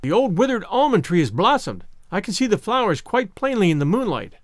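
A man voicing an excited young boy in a storybook reading, exclaiming eagerly. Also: sits high, fairly quick, dry recording, clean studio sound.

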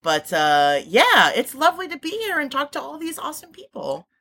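Loud, bright-voiced woman guest. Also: sits high, moderate pace. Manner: loud, laughing, expressive. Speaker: podcast guest. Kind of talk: casual chat.

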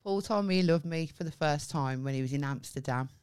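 On a podcast, a female co-host with a low, clear, resonant voice talks a little fast while telling a story in a casual chat. She's animated, swears freely, and acts out the quoted dialogue.

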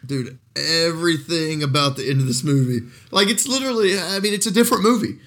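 Bright-voiced exasperated man. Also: a little high, expressive, a little fast, a little hiss or hum. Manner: exasperated, swears often. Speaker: podcast co-host. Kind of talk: casual movie-riff chat.

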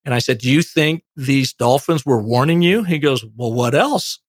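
A man, an author guest on an interview, telling a long anecdote in a lively conversational way. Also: mid-range voice, a little fast, few pauses, breathy edge, dry recording, clean studio sound. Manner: animated anecdotal storyteller. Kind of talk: conversational storytelling.

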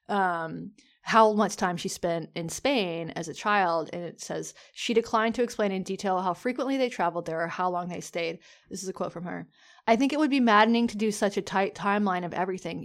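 A woman co-hosting a podcast in casual chat, talking with lots of fillers and restarts. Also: medium pitch. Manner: chatty, many fillers and restarts. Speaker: podcast co-host.

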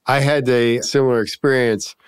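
A man in casual conversation, telling a story in a rambling, halting way. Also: mid-range voice, fairly even intonation, clear, resonant tone, no echo, studio quality. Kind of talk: casual chat.

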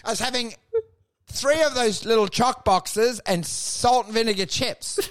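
A man with a gravelly voice, co-hosting a casual podcast chat and telling animated, loud stories full of swearing and acted-out quotes. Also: extremely high pitch, measured pace. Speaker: podcast co-host and stand-up comedian.

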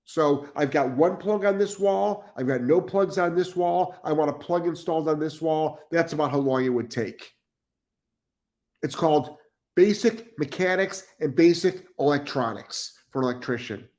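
A man's voice: fairly high pitch, moderate pace, a little mellow. A middle-aged man hosting a live stream as a dog trainer, blunt and profane, repeating himself for emphasis as he reads chat comments.

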